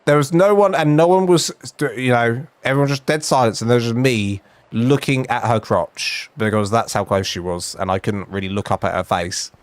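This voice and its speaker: This young streamer tells a comic story about himself at a moderate pace, medium-pitched and chatty, while he games at home. There's no room sound, just faint game music in the background.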